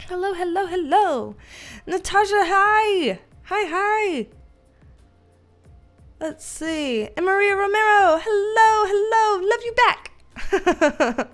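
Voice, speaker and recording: A woman with a high voice hosts a relaxed livestream, chatting and greeting her viewers one by one. She laughs easily and swears in passing, and faint music plays behind her. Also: takes it slowly, pauses often. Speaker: livestream host. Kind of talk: casual livestream chat. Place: dim indoor room with ring light.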